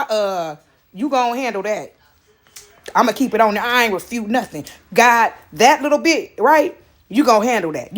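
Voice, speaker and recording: High-voiced woman, lively casual monologue with impressions. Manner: animated storytelling, mimics others.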